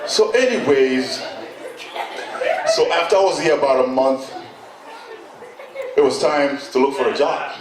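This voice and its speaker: A middle-aged Kenyan man doing stand-up storytelling, animated, acting out voices and bursting into shouts. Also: mid-range voice, unhurried, pauses often, recorded from a distance, a crowd in the background. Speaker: stand-up comedian. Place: event hall on stage. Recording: echoey hall, mic from afar, noisy.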